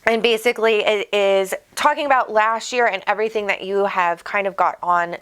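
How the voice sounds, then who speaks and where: A woman's voice: medium pitch, normal speed, fairly bright tone, smooth. A woman hosting a casual home livestream on a desk microphone, chatty and bubbly, reading out viewers' comments. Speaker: psychic medium host.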